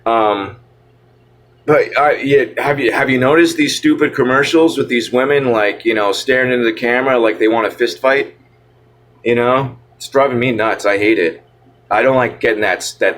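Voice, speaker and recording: A man's voice: on the low side, fairly bright tone. A man ranting casually to the camera, rambling and stammering in an irritated way, with a nasal voice. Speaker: vlogger.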